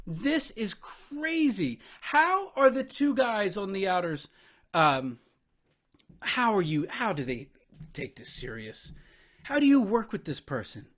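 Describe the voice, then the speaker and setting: A man's voice: very high-pitched, big pitch swings, fairly bright tone. A man giving a profane, incredulous commentary as he reacts to a debate clip, swearing and venting in disbelief. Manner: exasperated, incredulous, swearing, talks over paused clips.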